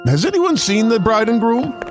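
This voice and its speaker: A high, wildly swooping voice of a theatrical wedding officiant, played by a man. He leans into a grand ceremonial tone and plays the moment for comedy, as in a comic radio ad. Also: very animated, moderate pace, over loud music. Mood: ceremonious.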